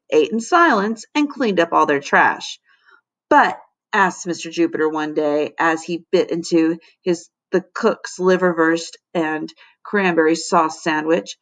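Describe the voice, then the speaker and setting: A teacher reading a children's chapter book aloud to her class, with expressive, dramatic storytelling. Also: fairly low pitch. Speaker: fourth grade teacher.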